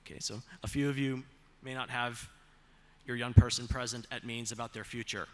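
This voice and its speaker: A man giving a motivational presentation with slides as a self-advocate, measured, asking the audience rhetorical questions and slowing down on key phrases. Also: mid-range voice, fairly even intonation, fairly bright tone.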